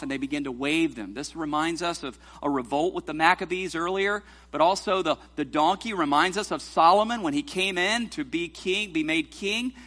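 A man preaching a sermon in a church, reading scripture slowly and leading the congregation in a playful responsive reading. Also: a little high, fairly bright tone. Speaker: pastor. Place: church sanctuary.

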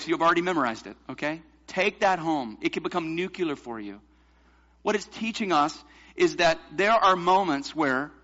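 Male pastor, emphatic sermon delivery, slightly high bright voice, muffled lo-fi recording. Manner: emphatic preaching, rhetorical questions to the congregation.

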